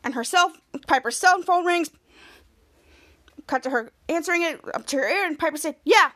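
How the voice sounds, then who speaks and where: Give me a high-voiced woman host retelling a TV episode scene by scene, with stumbling restarts. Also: moderate pace, a bit bright. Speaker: podcast host. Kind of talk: episode recap narration.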